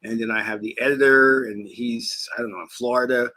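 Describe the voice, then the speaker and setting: A man's voice: medium pitch, fairly even intonation, fairly quick, bright, forceful tone. A man hosting his own channel as a spiritual teacher, chatting in a rambling, casual way and laughing as he talks, at times while eating. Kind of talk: casual vlog chat.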